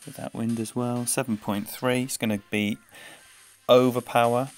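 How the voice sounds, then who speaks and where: A man's voice: mid-range voice, flat delivery, moderate pace. A man giving live gameplay commentary and chatting with his viewers by name, laughing easily. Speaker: game streamer. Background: faint game music.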